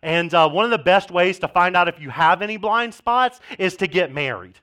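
A man's voice: sits high, moderate pace, bright, forceful tone. A man in his thirties preaching a casual sermon as pastor, telling jokey stories with sarcastic asides.

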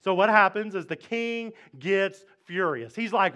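High-voiced pastor telling a story. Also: male voice, lively intonation, measured pace, hardly any pauses, bright, forceful tone. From Mississippi, US. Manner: conversational, jokey, retells scripture in slang. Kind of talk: casual storytelling sermon.

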